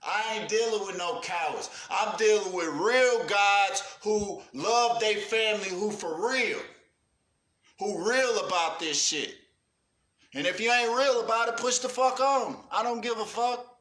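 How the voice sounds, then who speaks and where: A man's voice: sits high, unhurried, fairly bright tone, echoey room. A man ranting on a livestream with profane urgency, calling out cowards and praising his viewers. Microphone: livestream setup.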